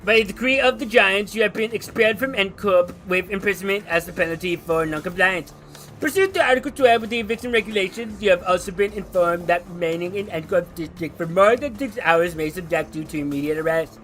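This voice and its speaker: A stern corporate enforcer from a game, reading out rules in a measured, bureaucratic tone, as a streamer puts him on. The voice sits fairly high and bright. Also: male voice, soft background music. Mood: stern, formal.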